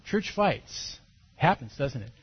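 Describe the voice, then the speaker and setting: A man preaching a sermon as a pastor, telling his story with animation and sudden loud bursts. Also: medium pitch, big pitch swings, slow pace, husky. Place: church service. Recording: dull lo-fi sermon recording.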